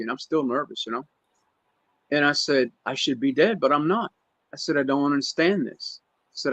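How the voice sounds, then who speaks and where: A man telling a personal story in a casual podcast chat, halting and emotional, with many restarts. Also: medium pitch, a bit bright, dry recording, highs cut off. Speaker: guest. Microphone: remote stream call.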